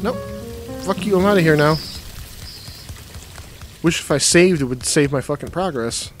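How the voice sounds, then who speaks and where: A man with a fairly high voice talks through a video game in loose, unscripted commentary. His pitch swings a lot as he swears, grumbles and mutters to himself. Faint music plays behind him. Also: lively intonation, normal speed. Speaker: gamer playing a game. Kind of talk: casual let's-play commentary.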